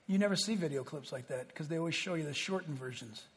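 High-voiced husky preacher in a hall. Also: male voice, fast. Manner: emphatic, swings from loud to hushed. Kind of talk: sermon. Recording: long hall reverb.

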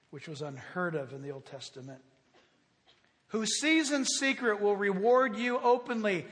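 High-pitched pastor guy preaching, gets loud and fired up, laughs a lot, big echoey hall. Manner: animated, rising to near shouts, with laughs. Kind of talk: sermon. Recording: long hall reverb.

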